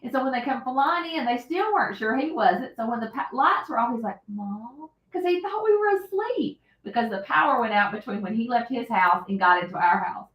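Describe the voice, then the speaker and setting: Lady telling a wild story on her livestream, kinda high voice, lots of room echo. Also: a little fast, few pauses, dull audio. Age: middle-aged. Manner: animated, dramatic retelling with loud acted shouts. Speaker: livestream host. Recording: echoey room.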